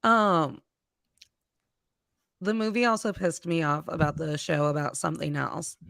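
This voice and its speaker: Opinionated podcast co-host, a woman with a smooth, clear voice; dry recording. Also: sits low, a bit bright, no room sound. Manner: blunt, opinionated, quick asides. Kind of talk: casual chat film review.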